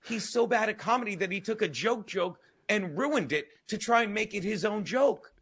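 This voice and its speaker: A man ranting about a joke on a casual comedy podcast, loud and profane, talking over the others. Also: high-pitched, expressive, normal speed, slightly rough.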